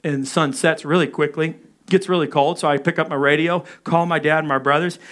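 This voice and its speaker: A man in his thirties preaching a sermon, telling a personal story with animated delivery and acting out his own panicked calls. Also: a little high, brisk. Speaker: pastor.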